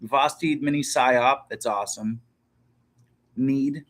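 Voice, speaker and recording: Male host, 30s, casual stream talker, profane and rambling, bright voice. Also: mid-range voice, expressive, normal speed. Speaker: livestream host. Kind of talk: casual livestream chat.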